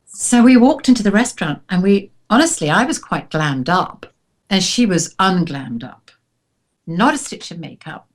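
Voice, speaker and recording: A woman co-hosts a casual chat, telling stories in an animated way and laughing often. She speaks at a moderate pace in a mid-range voice.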